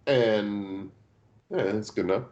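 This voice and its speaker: A man running a tabletop game as game master, narrating in an unhurried way with many pauses and fillers. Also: fairly low pitch, darkish tone, highs cut off.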